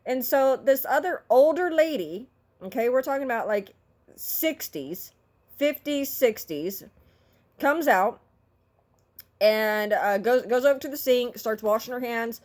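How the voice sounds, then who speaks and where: A woman's voice: a little high, lively intonation, measured pace, a little mellow. A middle-aged woman telling a story in a casual vlog, talking in an exasperated, vocal, ranting way. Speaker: vlogger.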